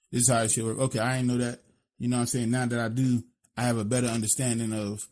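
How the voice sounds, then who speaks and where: A Philadelphia man with a medium-pitched, darkish voice co-hosts a podcast in his Philly accent. His casual talk is blunt and profane, peppered constantly with "you know what I'm saying."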